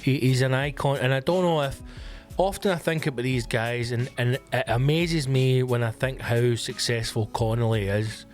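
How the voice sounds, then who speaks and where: Scottish man, comedy podcast host, sweary, animated ranting, mid-pitched voice, faint background music. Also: normal speed. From Scotland. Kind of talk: solo comedy podcast rant.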